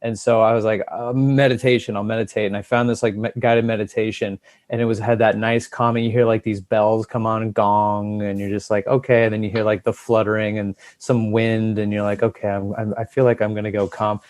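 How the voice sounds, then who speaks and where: A man's voice: fairly low pitch, little pitch movement, fairly quick, few pauses, a little mellow, dry recording, clean studio sound. A man co-hosting a podcast, telling a rambling, self-deprecating story in casual chat. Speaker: podcast co-host.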